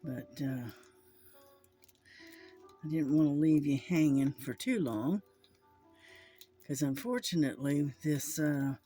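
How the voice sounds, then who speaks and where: A man's voice: a little high, slow pace, pauses often, mellow, faint music behind. A man chatting casually to his camera at home, rambling with lots of fillers and restarts. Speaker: vlogger. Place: at home indoors. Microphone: camera mic.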